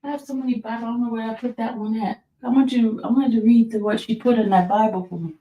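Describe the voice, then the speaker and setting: A woman's voice: on the high side, fairly even intonation, fast talker, dark tone. A woman host telling viewers a personal story in a chatty, rambling way, with many fillers and restarts. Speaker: YouTube host.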